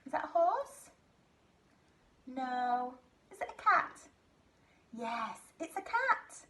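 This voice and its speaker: A woman teaching a phonics lesson to small children, talking in a slow, exaggerated, sing-song way. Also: high-pitched, sing-song, bright, forceful tone. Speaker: nursery teacher.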